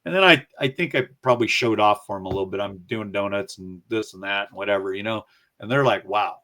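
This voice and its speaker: A man's voice: fairly low pitch, fast. A man in a casual interview, telling a story with energy and acting out the voices of the people he quotes. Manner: animated storyteller who acts out quoted voices. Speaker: guest recounting his career.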